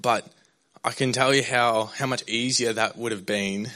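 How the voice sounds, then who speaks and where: Candid young man, bright voice. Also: medium pitch, steady tone, moderate pace. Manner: candid and rambling, with many fillers and restarts. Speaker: pastor. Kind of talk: personal testimony in a sermon.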